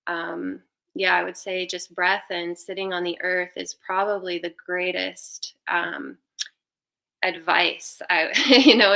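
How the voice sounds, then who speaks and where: A woman's voice: fairly low pitch, vocal fry, sharp tone. A woman giving spiritual advice in a casual, meandering way, with many fillers and restarts. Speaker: spiritual guest speaker.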